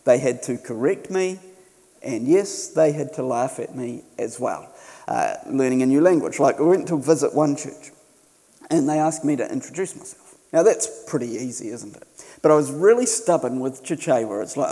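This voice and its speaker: A man's voice: mid-range voice, expressive, normal speed, dark tone. Man preaching in an echoey church. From New Zealand. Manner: conversational storytelling with self-deprecating humour. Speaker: missionary preacher. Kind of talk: sermon. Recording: long church reverb.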